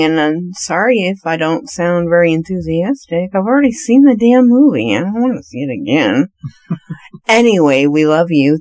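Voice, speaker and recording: A woman's voice: lowish voice, animated, moderate pace, a little mellow, dry recording. A woman co-hosting a podcast, giving dry, short, casual replies. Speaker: podcast co-host.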